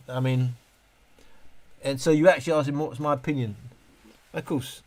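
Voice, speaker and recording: A man's voice: medium pitch, fairly even intonation, moderate pace, a little mellow. A middle-aged man hosting a casual live stream, reading viewer comments and answering in a rambling way, full of restarts. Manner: rambling, self-interrupting, with many restarts.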